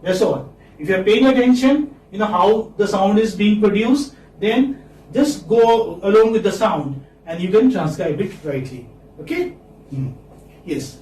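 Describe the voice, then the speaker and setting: A man teaching English phonetics to a class in a lecture style, slowly repeating each word so the students can copy it. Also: sits high, expressive, a little mellow, far from the mic. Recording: echoey classroom, speaker off-mic, faint noise.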